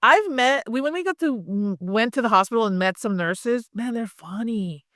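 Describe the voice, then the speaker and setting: A woman's voice: fairly high pitch, lively intonation, moderate pace, fairly bright tone, dry recording, studio quality. A woman from Hawaii, an actress, chatting casually in an interview with lots of "like" and "um". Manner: friendly, chatty, many fillers like "like" and "um".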